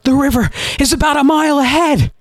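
A man voicing a woman fleeing for her life, shouting out of breath. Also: extremely high pitch, very slow, creaky, dry recording, clean studio sound, pitched above the performer's own voice, heavily acted. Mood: urgent.

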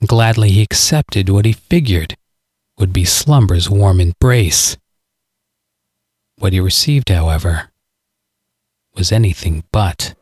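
A man reading a scripted story aloud, measured and dramatic. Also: low-pitched, lively intonation, darkish tone, breathy edge, dry recording. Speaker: narrator.

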